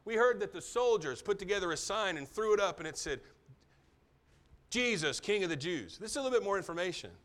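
Middle-aged pastor preaching with swelling emphasis. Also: male voice, sits high, lively intonation, rapid-fire, hardly any pauses. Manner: swings from soft, near-whispered asides to loud emphatic build-ups. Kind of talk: sermon.

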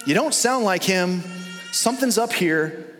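A man's voice: sits high, expressive, unhurried, a bit bright, long reverb tail. A preacher voicing a suspicious, blind aging father who keeps pressing with questions in a casual modern way. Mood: doubtful.

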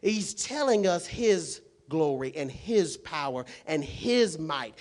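A man with a fairly high voice preaches a sermon. He talks plainly and emphatically, swinging from quiet asides up to loud, shouted points full of rhetorical questions. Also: big pitch swings, slow pace, few pauses.

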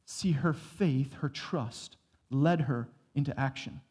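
A man's voice: medium pitch, takes it slowly, a little mellow, slightly rough. A man preaching a sermon in a church, conversational, acting out short bits of dialogue as he goes. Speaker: pastor. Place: church sanctuary. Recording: long hall reverb.

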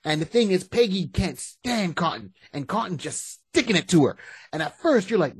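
A man co-hosting a podcast in casual chat, retelling stories in an animated way and acting out the scenes. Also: sits high, moderate pace, breathy edge, no room sound. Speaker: podcast co-host.

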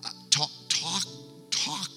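A middle-aged man preaching a sermon with a personal testimony, speaking earnestly with halting restarts and dropping to hushed tones. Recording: long hall reverb, faint music.

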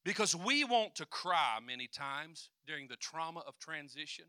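A man preaching a sermon, swinging from quiet asides to loud declarations and acting out voices. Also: on the high side, big pitch swings, normal speed, clean tone, no room sound, studio quality.

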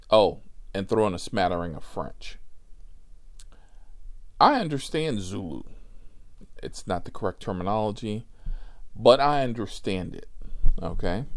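A man tells a personal story in a slow, unhurried way, his pitch jumping around with lively energy. He talks profanely and animatedly, tossing in laughing asides as he goes. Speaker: rideshare driver.

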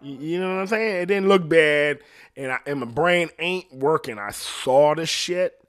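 Young adult man, loose profane rambling chat, voice sits a bit high, laughs easily. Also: moderate pace, smooth. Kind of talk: casual chat.

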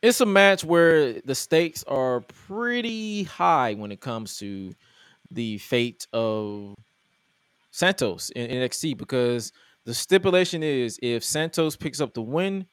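A man's voice: mid-range voice, expressive, takes it slowly, smooth, no echo. A man co-hosting a podcast, chatting casually and jokingly about wrestling with loose restarts. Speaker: podcast co-host.

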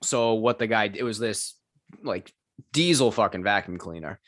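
Man, low voice, casual profane storyteller, gym owner, dry close sound. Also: animated, normal speed, fairly bright tone, no room sound. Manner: profane storyteller, acts out quoted people. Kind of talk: casual chat.

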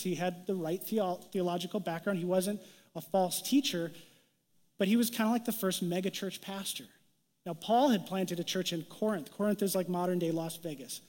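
A man's voice: high voice, darkish tone. A young adult man preaching a casual, joking sermon as a pastor, acting out quoted voices as he goes. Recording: long hall reverb.

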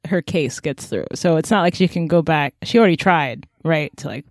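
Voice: mid-range voice, no room sound, studio quality. Laid-back co-host adding asides. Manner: laid-back, adds short asides and quick agreements. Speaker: podcast co-host. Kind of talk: casual recap chat.

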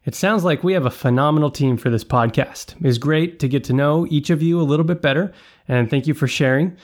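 A man's voice: fairly high pitch, brisk. Man co-hosting a scripted podcast interview. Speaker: podcast co-host.

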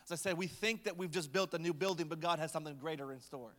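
A male pastor with a high voice preaches in a relaxed, conversational way, slipping light humor into his storytelling. His words ring out with the long reverb of a church hall. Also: fast. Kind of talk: sermon.

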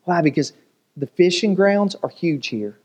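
Lively pastor, man, mid-high voice. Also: unhurried, husky. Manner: lively storytelling with jokes and rhetorical questions. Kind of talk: sermon.

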